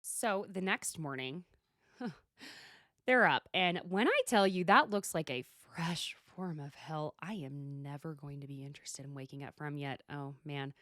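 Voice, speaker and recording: A woman's voice: deep voice, measured pace, a bit bright, no echo, studio quality. A woman hosting a solo podcast, recapping a reality show in a chatty, sarcastic, gossipy way. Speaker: podcast host.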